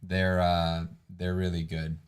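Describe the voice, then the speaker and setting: A man's voice: sits low, little pitch movement, takes it slowly, a loud crowd. A man co-hosting a livestream, talking casually and rambling with many restarts and fillers. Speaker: livestream co-host. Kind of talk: casual chat.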